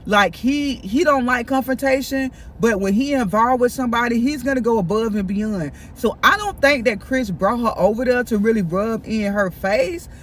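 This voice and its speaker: A man chatting in a casual storytime vlog, animated and gossipy, talking straight to his viewers. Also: extremely high pitch, normal speed, few pauses, a little hiss or hum. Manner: animated, gossipy, keeps addressing viewers directly. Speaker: vlogger. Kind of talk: casual storytime while eating.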